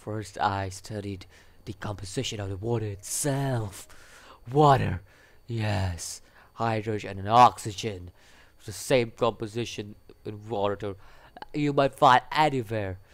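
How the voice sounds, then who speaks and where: A man doing a gleeful mad doctor in a put-on accent. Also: on the low side. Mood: dramatic. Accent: put-on foreign accent. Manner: theatrical, dramatic pauses. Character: eccentric gleeful male scientist doctor, dramatic.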